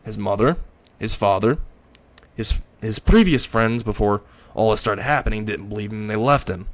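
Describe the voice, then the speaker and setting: Low-voiced male narrator, improvising a fan story, rambles and self-corrects. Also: moderate pace.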